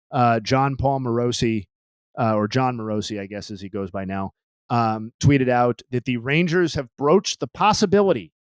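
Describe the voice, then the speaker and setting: A man's voice: medium pitch, clean tone, no room sound. A man co-hosting a podcast in casual chat, rambling with frequent fillers and dry jokes. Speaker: podcast co-host.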